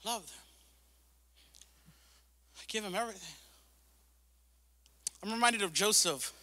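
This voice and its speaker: A man's voice: high-pitched, expressive, unhurried, bright, forceful tone, in a large hall. A male pastor preaching a sermon with impassioned repetition, mixing in casual slang and asides. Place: church sanctuary.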